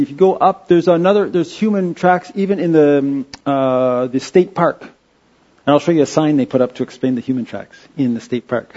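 Halting man giving a slide talk. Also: a little high, darkish tone, dull audio. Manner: halting, many restarts and fillers. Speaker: presenter. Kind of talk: informal slide-show talk.

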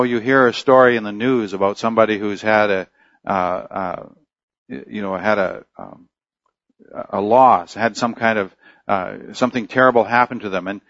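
A man's voice: medium pitch, fairly bright tone, no room sound. Earnest male preacher, dry dull sound. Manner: earnest, with frequent fillers and restarts. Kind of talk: expository sermon.

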